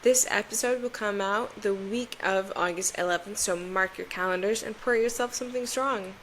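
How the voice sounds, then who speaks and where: Relaxed young woman co-hosting a podcast. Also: medium pitch, moderate pace, slight background noise, rough recording. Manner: relaxed, playful, stumbling over names. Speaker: podcast co-host. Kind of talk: casual chat.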